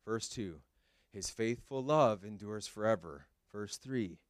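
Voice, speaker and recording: A man's voice: lowish voice, lively intonation, slow, no room sound, clean studio sound. A man preaching a sermon in a church, emphatic and repetitive in short punchy phrases, with conversational, lightly humorous asides. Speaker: pastor. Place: church sanctuary.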